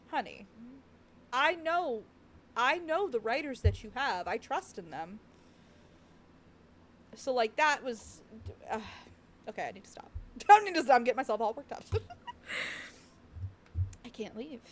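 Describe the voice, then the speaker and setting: A young woman giving casual, laughing reaction commentary on a game, animated and self-mocking. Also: a little high, unhurried, long pauses. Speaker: game streamer.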